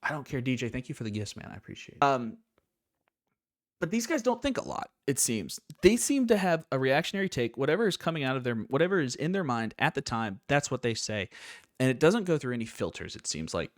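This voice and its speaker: A man's voice: medium pitch, big pitch swings, brisk, no echo, clean studio sound. A young American man hosting wrestling commentary, opinionated and sarcastic, riffing with mock quotes. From United States. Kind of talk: opinionated live-stream commentary.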